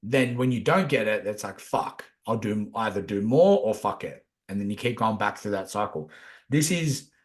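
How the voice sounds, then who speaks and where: A man's voice: on the low side, expressive, moderate pace. A man chatting casually on a podcast, laid-back, swearing a lot as he talks about feelings and energy. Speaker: podcast co-host. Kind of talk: casual chat.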